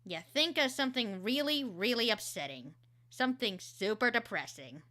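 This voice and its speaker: A woman's voice: a little high, animated, moderate pace, bright, forceful tone. A woman voice actor streaming, chatting casually and explaining how she works, with lots of fillers.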